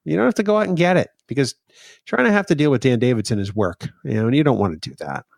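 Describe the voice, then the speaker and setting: A man's voice: medium pitch, expressive, creaky, no echo. Teasing male podcast co-host. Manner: teasing, quick to laugh. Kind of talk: casual podcast banter.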